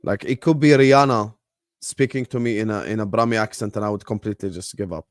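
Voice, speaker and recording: A young man hosting a football watchalong stream, chatting casually in a rambling, joking way with slang and swearing, sometimes mumbling low in mock sadness and sometimes shouting at the match. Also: quick pace, no room sound, clean studio sound. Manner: drops to low mock-sad mumbles, then loud bursts at match action. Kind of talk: casual live-stream chat.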